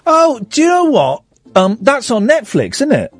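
A man's voice: very high voice, wildly swooping pitch, moderate pace, a crowd in the background. A man hosting a radio phone-in show, talking openly about his feelings and joking with callers in a playfully mock-grand way. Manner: open, self-reflective, playfully mock-grand. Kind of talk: late-night radio phone-in chat. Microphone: studio microphone. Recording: dry studio radio sound.

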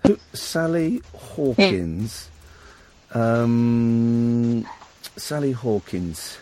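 A man hosting a late-night radio phone-in from a studio, excitable and jokey, laughing often. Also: mid-range voice, drawn-out words. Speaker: radio host. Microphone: studio microphone.

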